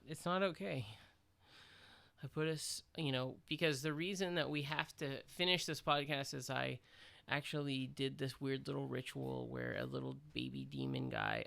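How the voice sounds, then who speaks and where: A man co-hosting a podcast, rambling through an absurd deadpan mock apology. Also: mid-range voice, gravelly. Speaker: podcast co-host. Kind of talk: absurd comedy monologue.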